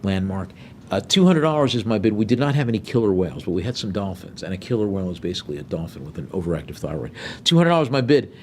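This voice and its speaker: A middle-aged man working as an auctioneer, calling bids briskly with joking asides. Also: low-pitched, sing-song, a little mellow, slight background noise.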